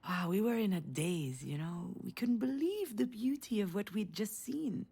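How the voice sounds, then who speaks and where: A soft mom telling an old family story in a story game, low and close. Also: female voice, animated, normal speed, gravelly, husky. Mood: tender. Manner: tender storytelling, low and intimate. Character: loving mother recalling her daughter's childhood. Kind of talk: narrative game voice acting.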